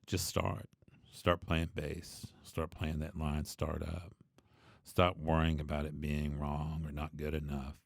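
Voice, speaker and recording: A man who teaches bass, talking through his ideas in a loose, reflective way, with many asides and restarts. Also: completely flat delivery, slow pace, gravelly, no room sound, studio quality. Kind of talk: conversational teaching monologue.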